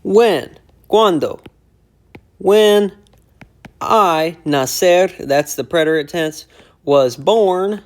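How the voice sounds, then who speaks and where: Slow, patient man explaining word by word. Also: high-pitched. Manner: slow, repeats phrases word by word while explaining. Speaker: language teacher explaining song lyrics. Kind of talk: casual lyric breakdown lesson.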